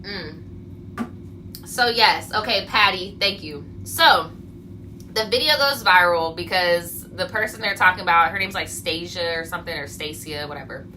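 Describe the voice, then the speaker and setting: Bright-voiced woman ranting on a livestream. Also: fairly low pitch, a little slow, slight background noise, rough recording. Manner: animated storytelling, acting out quotes, blunt and profane. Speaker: vlogger. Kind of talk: casual livestream rant.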